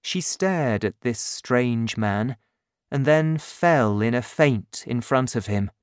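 A man narrating an audiobook chapter in a slow, clear and expressive way. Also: mid-range voice, dry recording, clean studio sound.

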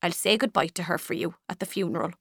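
A woman reading a storybook, voicing a widowed older mother who speaks slowly and quietly in grief. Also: lowish voice, fairly even intonation, no echo, studio quality. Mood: sorrowful. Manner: slow and quiet. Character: widowed older Irish mother, grieving, lonely.

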